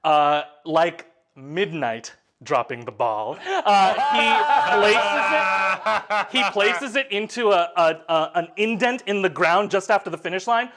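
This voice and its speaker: Man, game master for a tabletop game; high voice, chatty and animated narration. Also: slow pace, slight background noise. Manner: animated, many fillers, laughs between lines.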